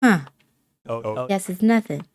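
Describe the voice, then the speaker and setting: A woman's voice: mid-range voice, takes it slowly, darkish tone, soft background music. A woman streamer reading game character dialogue aloud in a playful way, changing her voice for each character. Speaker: let's play streamer.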